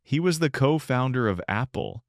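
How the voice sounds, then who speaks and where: A man co-hosting an English-learning podcast, calmly explaining simple words in a scripted dialogue. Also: medium pitch, normal speed, dry recording, clean studio sound. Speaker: podcast co-host.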